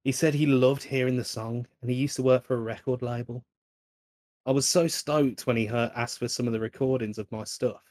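A man co-hosting a podcast in casual chat, relaxed and swearing freely. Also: medium pitch, fairly quick, no room sound. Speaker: podcast co-host.

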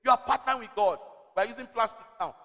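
A man preaching a sermon as senior pastor, exhorting the congregation with call-and-response and reading scripture slowly and deliberately. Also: very high voice, creaky, pushed and bright. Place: church service. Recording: long church-hall reverb.

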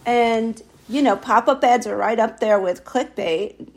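A woman's voice: on the high side, measured pace, a little mellow. Chatty woman co-hosting a casual podcast. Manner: chatty, laughs easily. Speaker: podcast co-host. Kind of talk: casual chat.

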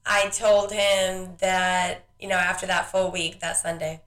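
A woman's voice: lowish voice, flat delivery, unhurried, a bit bright, echoey room. A young woman co-hosting a casual podcast, venting about her kids with plenty of laughs and swearing. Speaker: podcast co-host. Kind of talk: casual chat.

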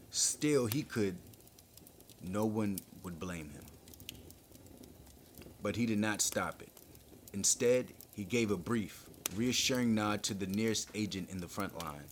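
A man's voice: fairly low pitch, a little hiss or hum. A man hosting a podcast, reading a thriller chapter aloud with dramatic emphasis. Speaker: podcast host reading a book. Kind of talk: audiobook-style narration.

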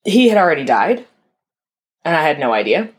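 Young woman with a very low voice, telling a story candidly and casually to an audience. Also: very animated, normal speed. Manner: candid, conversational, frequent "like" fillers; addresses listeners as y'all.

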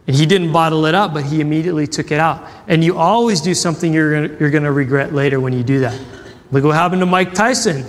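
A man preaching a sermon as a pastor, telling a story with acted-out quotes and questions to the crowd. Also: high-pitched. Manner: animated storytelling, acts out quotes, asks audience questions. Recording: long hall reverb.

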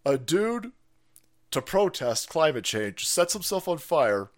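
Middle-aged guy ranting on a stream, swears a ton, voice jumps all over the place, kinda high. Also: very animated, slow pace. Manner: foul-mouthed, ranting, laughing often, swinging from loud outbursts to low mutters. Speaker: political commentary streamer. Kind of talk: profane live-stream commentary.

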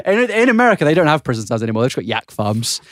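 A man's voice: on the high side, sing-song, quick pace, dry recording, clean studio sound. A young man co-hosting a podcast, rambling through crude jokes with lots of giggling. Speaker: podcast co-host. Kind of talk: casual comedic podcast chat.

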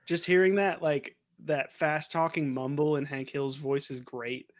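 Male podcast co-host, fairly high voice, jokey, keeps the conversation moving. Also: fairly even intonation, a little slow, no echo, clean studio sound. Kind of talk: casual chat.

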